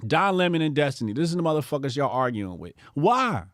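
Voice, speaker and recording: This is a man, hosting a political commentary show. His voice sits a little high and swings widely, dropping into low mutters and then jumping up into mocking outbursts. The talk is profane and sneering, and the recording is close and dry. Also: sing-song, a little fast, fairly bright tone, dry recording. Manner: profane, mocking impressions of opponents.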